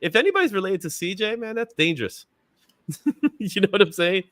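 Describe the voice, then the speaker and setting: Upbeat guy hosting a comics stream, kinda high voice, dry sound, laughs a lot. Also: very animated, brisk, fairly bright tone, no echo. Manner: upbeat, chatty, greets chat viewers by name; laughs often, fillers like "you know what I'm saying". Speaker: livestream host. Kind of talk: casual livestream chat.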